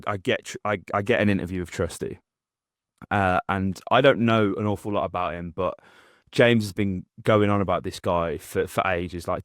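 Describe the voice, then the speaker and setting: A young man rambles through a story with lots of restarts and fillers. His voice sits fairly low. The recording is dry and close, with no room sound. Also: dry recording. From English Midlands. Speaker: podcast co-host. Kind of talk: casual chat.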